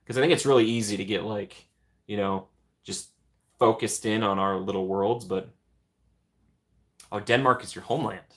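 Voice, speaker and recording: Guy on a home stream mic, kinda low voice, chatting with chat, easygoing. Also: normal speed, pauses often, fairly bright tone. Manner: chatty, reads and answers viewer comments. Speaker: livestream host. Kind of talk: casual livestream chat.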